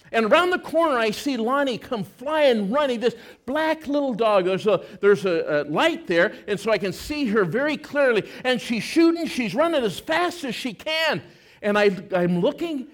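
A man preaching at a church service, telling a personal story dramatically and acting out the scenes before praying. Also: high-pitched. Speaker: pastor. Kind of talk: storytelling sermon.

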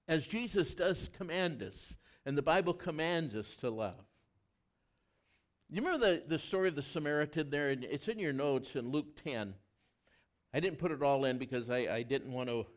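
A man preaching a sermon as pastor, telling personal stories in an earnest, animated way with touches of self-deprecating humor. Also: mid-range voice.

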